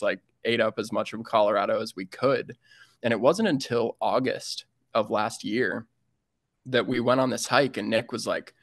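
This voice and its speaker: A man's voice: on the low side, fairly bright tone, dry recording, studio quality. A man in his twenties, a financial planner and podcast guest, telling stories in an upbeat way and laughing often. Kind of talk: casual interview storytelling.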